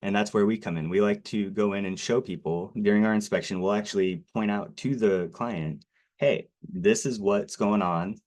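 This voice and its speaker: A man's voice: fairly low pitch, brisk, few pauses, darkish tone. A man giving a nervous, self-deprecating presentation about his work, with lots of fillers and apologies. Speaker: garage door company presenter. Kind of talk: local TV sales presentation.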